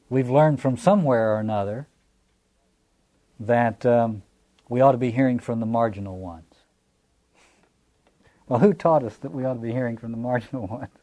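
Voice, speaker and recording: Southern American man as a scripture lecturer; relaxed, mellow delivery, musing aloud. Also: medium pitch. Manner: thoughtful, restarting phrases, rhetorical questions. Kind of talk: reflective lecture.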